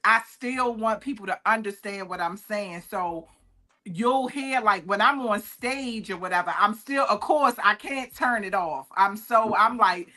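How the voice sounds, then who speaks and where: A woman comedian with a Baltimore accent, chatting in a lively, expressive way. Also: medium pitch, unhurried. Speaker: comedian, guest. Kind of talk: casual livestream chat.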